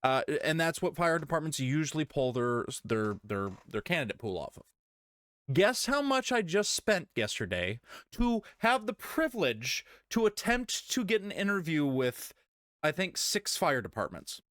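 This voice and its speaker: A young man on a casual podcast, ranting with sarcasm and frequent swearing, voice bouncing up and down in pitch. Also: sing-song, normal speed, fairly bright tone, dry recording, clean studio sound. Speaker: podcast co-host. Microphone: desk podcast mic.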